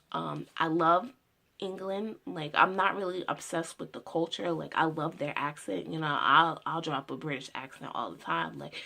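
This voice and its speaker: A woman's voice: deep voice, creaky, a bit bright. A woman in her twenties giving a casual personal monologue about her future, rambling with many "you know" fillers. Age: 20s. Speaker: student making a personal video.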